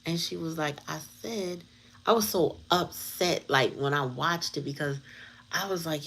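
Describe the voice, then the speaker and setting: A woman's voice: sits low, a little slow, fairly bright tone, husky, rough recording. A woman hosting her tarot channel, chatting casually and telling a story in a blunt, candid way with plenty of slang. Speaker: tarot reader and channel host. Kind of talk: casual livestream chat.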